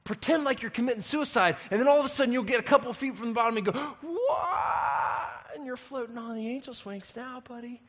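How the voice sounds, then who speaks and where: A man voicing a sly male devil who coaxes and mocks, rising to gleeful shouts. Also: very high voice, expressive, fairly quick, few pauses, pitched above the performer's own voice, exaggerated voice. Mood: gleeful taunting. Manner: wheedling, mocking, rising to shouts.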